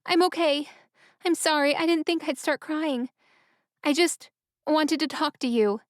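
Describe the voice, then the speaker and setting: Brief: female narrator doing a high, shaky, crying young woman in a storybook audiobook, dry and smooth. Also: moderate pace, no room sound, lightly acted. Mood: tearful. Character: young woman, homesick actress, tearful.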